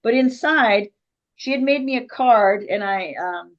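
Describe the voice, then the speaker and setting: A woman's voice: on the high side, measured pace, highs cut off. Woman telling a painful story. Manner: emotional, vivid retelling with quoted voices and nervous laughs. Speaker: interview guest. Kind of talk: personal storytelling in an interview.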